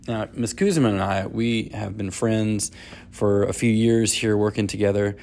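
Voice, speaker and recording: A man's voice: on the low side, steady tone, normal speed, vocal fry, a little mellow, a little hiss or hum. A man hosting a daily devotional video, introducing a guest earnestly and reading scripture.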